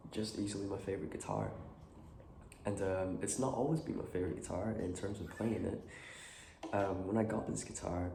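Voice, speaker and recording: A man with a cold, talking casually and haltingly with lots of fillers. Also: low-pitched. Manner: halting, filler-heavy, relaxed. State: has a cold, clearing his throat. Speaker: guitar vlogger. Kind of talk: casual chat. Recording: echoey room with faint noise.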